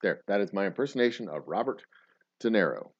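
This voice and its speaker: A man's voice: on the low side, lively intonation, fast, background noise. A man hosting a casual live stream, chatting loosely with viewers in a rambling, profane way and often correcting himself mid-sentence. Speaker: livestream host. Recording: dull lo-fi stream audio.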